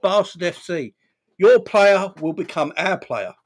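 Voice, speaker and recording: Young man, from England, fan stream host, animated, laughs a lot, slangy, casual chat. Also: sits high, measured pace. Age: young adult.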